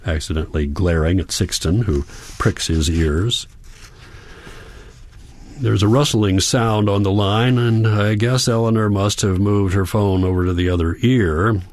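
A man narrating a novel in the first person, measured and reflective. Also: sits low, fairly even intonation, a little mellow, no room sound, clean studio sound. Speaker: audiobook narrator.

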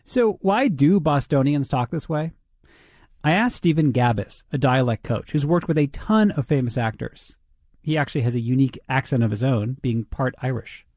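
A male radio host reads his narration in a steady, clear voice at a middle pitch. The studio sound is dry, with no room echo. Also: normal speed.

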